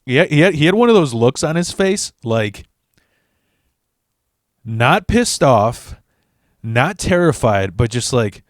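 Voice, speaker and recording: A man's voice: medium pitch, very animated, slow pace, pauses often, no room sound, clean studio sound. A man casually telling a story on his vlog in a crude, profanity-laden way. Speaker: vlogger.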